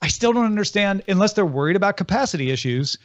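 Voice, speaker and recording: A man with a fairly high voice reads streaming news on a podcast, brisk and exact, correcting his co-hosts. The sound is dry and a bit dull, like a cheap home mic. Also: lively intonation, dry recording. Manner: brisk, precise, corrects facts. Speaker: podcast co-host. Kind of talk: casual chat, reading news items.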